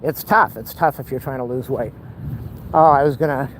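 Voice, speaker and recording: A man's voice: medium pitch, moderate pace, slight background noise, rough recording. A man talking in a rambling, wry and blunt way while walking outdoors, speaking to a handheld camera. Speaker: vlogger. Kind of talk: casual walking vlog monologue. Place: outdoors on city streets and lawns. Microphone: camera held while walking.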